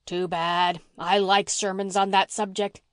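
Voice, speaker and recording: A woman voicing a blustering, gruff old farmer man in an audiobook, bossy and teasing, repeating himself as he talks. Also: medium pitch, level tone, a little slow, no room sound, studio quality, natural voice. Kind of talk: audiobook reading.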